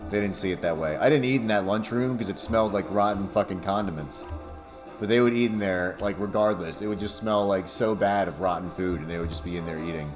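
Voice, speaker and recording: Rambling, profane young man streaming, music behind. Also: sits low. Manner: rambling, profane, laughing often. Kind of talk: casual livestream chat. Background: music playing.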